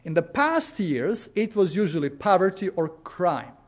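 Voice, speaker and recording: High-voiced man telling sermon stories. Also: very animated, measured pace. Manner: storytelling, frequent "uh" and "you know". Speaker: preacher. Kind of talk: sermon with anecdotes.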